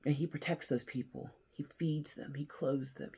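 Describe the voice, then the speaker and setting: A man with a gravelly, husky voice talks through a story in a casual commentary. He leans hard on some lines and drops to a hush on others. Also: on the high side, fairly even intonation, moderate pace, hardly any pauses. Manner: earnest storyteller, swings between loud emphasis and hushed near-whispers. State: emotional, near tears. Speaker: host.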